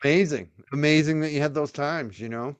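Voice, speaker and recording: A man's voice: fairly high pitch, brisk, clean tone, no echo. Man hosting, short encouraging replies. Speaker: podcast host. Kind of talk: casual podcast chat.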